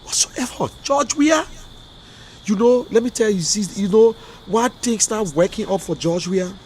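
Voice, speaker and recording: A man with a Liberian English accent speaks in a high voice as an online show host. His delivery is impassioned and emotional, and he hammers points home by repeating words. A faint hiss runs under the recording. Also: unhurried, darkish tone. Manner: emotional, fiery, repetitive outbursts. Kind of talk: impassioned livestream commentary.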